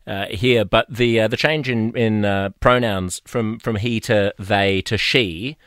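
Low-voiced hesitant Australian male host. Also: fairly even intonation, unhurried, a bit bright, clean tone, no echo, studio quality. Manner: hesitant, full of filler words. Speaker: podcast host. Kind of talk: casual interview.

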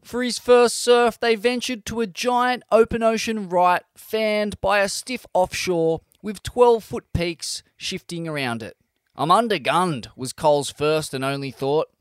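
A man narrates a scripted story in a high, smooth, resonant voice. His delivery is measured and steady. The close mic gives a dry, upfront sound. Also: dry recording. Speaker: podcast narrator.

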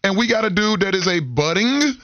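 A man with a slightly high voice co-hosts sports radio in a relaxed, friendly way, weighing in with opinions. The sound is dry and somewhat dull. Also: fairly quick, no echo. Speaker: sports talk radio co-host. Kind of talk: casual sports radio talk.

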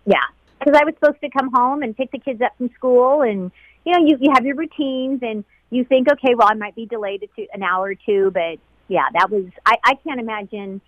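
This middle-aged flight attendant talks fairly fast in a slightly high voice, recalling events with real feeling during an emotional interview and mimicking others in lively tones. The lo-fi recording carries no echo.

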